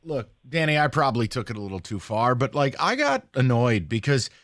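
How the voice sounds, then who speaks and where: A man hosting sports talk radio, ranting with exasperation in quick, animated bursts. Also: medium pitch, dry recording, clean studio sound. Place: radio studio.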